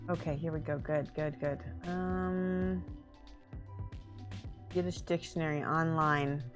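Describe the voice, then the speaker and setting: A woman's voice: sits low, steady tone, slow pace, music in the background. A woman chatting casually on a livestream while painting miniatures, giggling often and thinking aloud.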